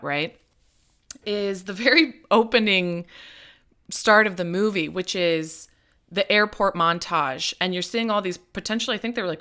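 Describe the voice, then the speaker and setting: Emphatic woman podcast co-host, bright tone, animated chat. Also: mid-range voice. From Nebraska. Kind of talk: casual chat.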